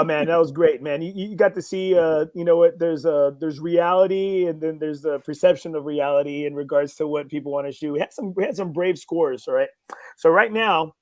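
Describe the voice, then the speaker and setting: A man with a Texan accent hosting a golf podcast, joking loudly with plenty of swearing and laughter. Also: a little high, no echo. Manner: loud, profane, laughing banter. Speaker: podcast host. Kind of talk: casual chat.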